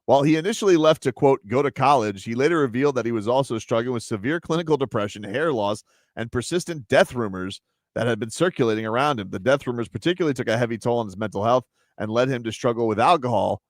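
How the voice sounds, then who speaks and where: A man's voice: medium pitch, fast talker, no room sound, clean studio sound. A man hosting a radio show in casual chat, easygoing and wry, reading items aloud. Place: radio studio.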